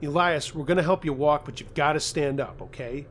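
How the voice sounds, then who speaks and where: A man's voice: a little high, a little fast, fairly bright tone, slight background noise, natural voice. A man voicing a young woman shaken after a shooting, urgent and pleading.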